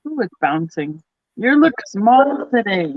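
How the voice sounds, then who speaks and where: A woman's voice: mid-range voice, big pitch swings, unhurried, no echo. Woman calling into a live stream, rambling and trailing off, dry muffled sound. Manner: rambling, trails off mid-sentence. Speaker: regular viewer on the stream. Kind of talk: casual live-stream chat.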